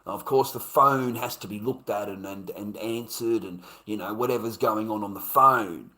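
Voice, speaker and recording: A man's voice: on the low side, normal speed, sharp tone. An Australian man livestreaming, ranting in a blunt, profane way and repeating his points. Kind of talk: casual live stream rant.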